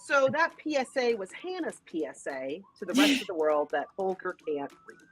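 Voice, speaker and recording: A woman's voice: mid-range voice, sing-song, normal speed, over a noisy crowd. A woman co-hosting a casual tech show, joking and swearing animatedly. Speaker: co-host. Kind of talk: casual banter.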